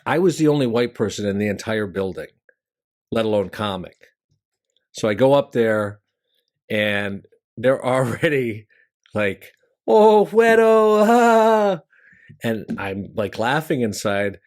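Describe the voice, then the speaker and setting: A middle-aged man, a stand-up comedian and show host, telling stories about the craft in a conversational monologue that leaps up in pitch for punchlines. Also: unhurried. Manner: animated storyteller who jumps high in pitch for punchlines; conversational, with fillers and restarts.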